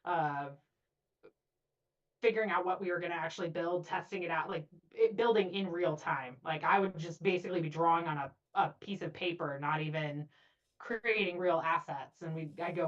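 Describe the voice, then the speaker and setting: A woman's voice: lowish voice, moderate pace. A woman guest in a casual interview, chatty, saying 'like' often and acting out quotes. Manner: chatty, says 'like' a lot, acts out quotes. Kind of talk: casual conversation. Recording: dull lo-fi audio.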